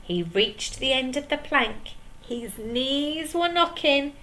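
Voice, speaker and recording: A woman's voice: sits high, animated, slow, sharp tone, rough recording. A woman teacher reading a picture book aloud to young children, stopping to ask them questions. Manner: asks the listening children questions. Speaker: primary school teacher.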